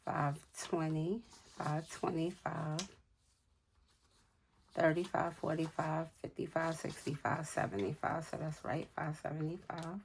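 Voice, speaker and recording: A woman's voice: low voice, fairly even intonation, measured pace, a little hiss or hum. A woman in her forties from New York City, chatting casually and counting money aloud as she tells stories. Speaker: budgeting vlogger. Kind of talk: casual chat while cash stuffing.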